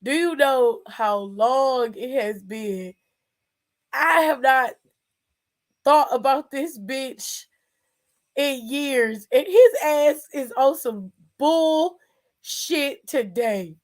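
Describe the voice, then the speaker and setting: Woman host, high voice, slow delivery, exasperated and laughing between lines. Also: animated. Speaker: show host. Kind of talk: casual reaction commentary.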